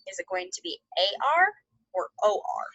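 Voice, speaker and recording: A woman teaching an online phonics lesson to second graders, sounding out letters slowly and encouraging the class. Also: lowish voice, sing-song, a bit bright, no echo, muffled recording.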